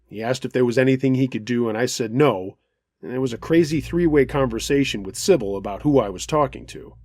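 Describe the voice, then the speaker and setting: A man with a husky, mid-pitched voice reads a listener's true scary story aloud. His narration is earnest and dramatic, and the recording sounds dry and close. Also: fairly quick, darkish tone, dry recording. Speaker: host reading a listener's story.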